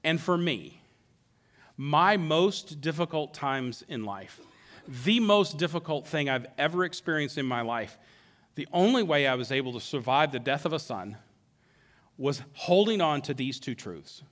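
A man preaching a sermon who acts out the characters' words in an animated way. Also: fairly high pitch, a little slow. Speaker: pastor.

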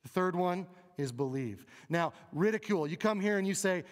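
A man's voice: high voice, lively intonation, normal speed, few pauses. A man preaching an Easter sermon in a conversational, emphatic way, often asking the congregation questions. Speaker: pastor. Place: church sanctuary. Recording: long reverb of a large hall.

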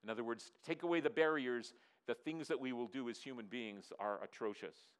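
A man, a pastor, preaching a sermon in an earnest, repetitive way, dropping his voice low for emphasis and asking the congregation to answer. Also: fairly quick, clean tone. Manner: asks the audience to respond.

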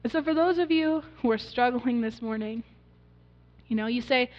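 A woman's voice: on the high side, moderate pace. A woman pastor preaching a sermon, earnest and storytelling, often asking the congregation questions. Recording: dull recording in a reverberant hall.

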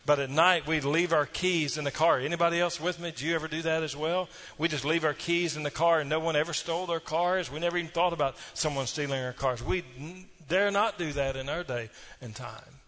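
A man's voice: fairly high pitch, fairly quick, few pauses, fairly bright tone. A man preaching a sermon, telling folksy stories and tossing asides to the congregation. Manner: folksy storytelling with audience asides. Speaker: pastor.

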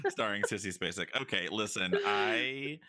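Low bright guy rambling and joking, says like a lot, casual podcast banter. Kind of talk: casual comedic chat.

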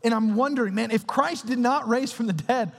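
A man's voice: extremely high pitch, a little fast, vocal fry. A young man preaching a sermon in a casual, slangy, conversational way. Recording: reverberant hall.

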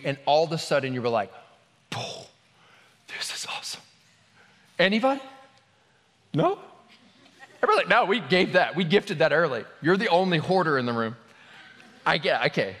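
A man's voice: sits high, a bit bright. A married man preaching a sermon, talking casually and joking with the congregation before praying and reading scripture. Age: adult, married. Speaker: pastor. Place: large hall with an audience. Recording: long hall reverb.

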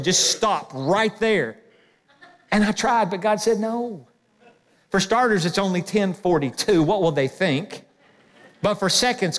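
A man with a high voice preaches to his congregation. His talk is lively and full of quoted asides. His voice rings with a long reverb in a church sanctuary. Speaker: pastor. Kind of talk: sermon.

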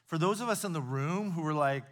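A middle-aged preacher from the United States delivering a sermon in a church before a live audience. His voice sits a little high for a man and swings from emphatic declarations to hushed, confiding stories. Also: brisk. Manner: earnest preacher, rising to emphatic peaks, dropping to soft confiding storytelling. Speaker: pastor.

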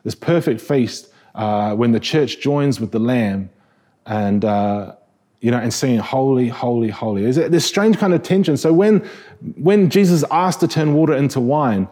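In a mid-range voice with a warm, mellow, slightly husky quality, a New Zealand-accented man gives a sermon at a moderate pace. The preacher keeps things relaxed and chatty, often restarting phrases and questioning the congregation.

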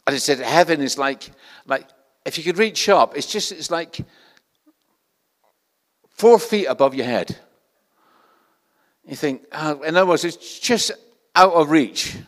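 A man's voice: on the high side, animated, a little slow, long pauses, a bit bright, big-room sound. An older man with a Scottish accent preaching a sermon in a conversational, self-deprecating way, often restarting his sentences. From Scotland.

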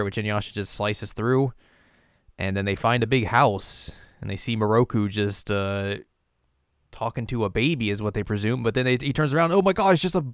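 A young man with a low, smooth and clear voice, recapping an episode in relaxed, rambling chat. The recording is dry and close. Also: no room sound. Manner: laid-back, rambling, laughs often. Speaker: podcast co-host.

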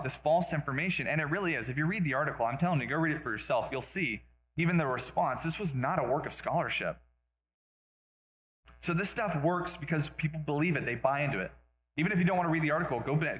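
A male pastor preaching a sermon in a conversational way, with quick asides and self-deprecating jokes. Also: a little high, a bit bright, roomy sound, rough recording.

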